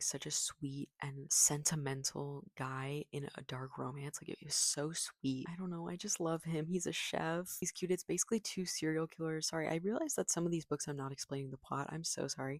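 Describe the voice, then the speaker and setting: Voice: mid-range voice, dry recording, studio quality. A young adult book reviewer in a casual vlog who gushes and rambles and says "like" a lot. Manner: gushing, rambling, heavy use of "like".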